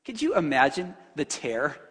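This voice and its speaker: A man preaching a sermon in a church hall, animated and conversational, often filling with "like". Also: a little high, normal speed, breathy edge. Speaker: pastor. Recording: long reverb from a large hall.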